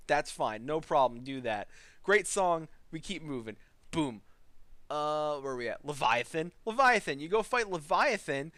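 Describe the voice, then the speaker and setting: Podcast host guy, pretty high voice, cussing and laughing thru a gaming rant, dry close sound. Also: no room sound. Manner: profane, rambling, laughs often; animated storytelling.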